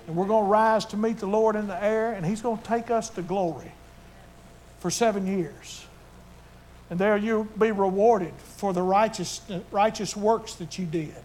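A man's voice: high voice, fairly even intonation, moderate pace, few pauses, darkish tone, a little hiss or hum. An older man preaching a sermon to his church, fervent and emotional in his delivery. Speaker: pastor.

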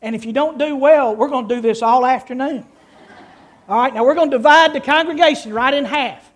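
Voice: high-pitched, fairly quick. A preacher reading scripture and teaching a congregation in a folksy, interactive way in church. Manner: folksy, teaching, with audience participation. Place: church before a live congregation.

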